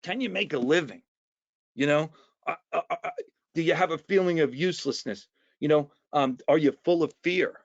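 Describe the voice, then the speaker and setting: A man with a New Jersey accent giving an earnest, halting personal share at an online recovery meeting, full of restarts and fillers. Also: on the high side, dry recording. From New Jersey, USA. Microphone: video call mic. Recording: dull, lo-fi dry online call audio.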